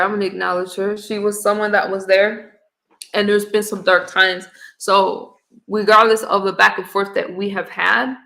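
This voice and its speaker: Woman on a livestream, kinda gravelly, bright voice, earnest and almost crying. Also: medium pitch. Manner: earnest, talks straight to her chat. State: holding back tears. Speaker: livestream host. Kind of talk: emotional casual livestream talk.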